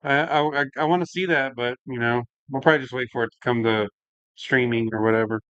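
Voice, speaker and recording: A fast-talking man with a smooth, mid-range, fairly bright voice and fairly even intonation hosts a home brewing livestream. He's laid-back and rambling, full of "like" and "man," while he works and answers the chat. The recording has no room sound and is muffled.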